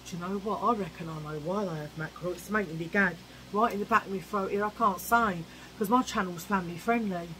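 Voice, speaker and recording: A woman's voice: medium pitch, fast, fairly bright tone, slight background noise, poor audio. A woman ranting cheekily to camera in a casual vlog, chatty and opinionated. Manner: chatty, cheeky, ranting, mimics old-fashioned voices. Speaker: vlogger.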